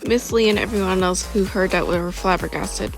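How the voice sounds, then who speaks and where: A woman's voice: mid-range voice, normal speed, faint music behind. A woman reading her own story aloud in a casual way, correcting herself as she goes. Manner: informal, with self-corrections and giggles.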